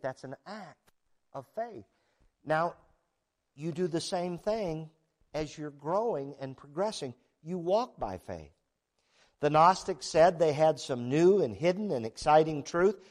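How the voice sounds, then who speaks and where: A man's voice: fairly high pitch, darkish tone. A middle-aged male preacher giving a sermon, emphatic and conversational, asking the listeners rhetorical questions.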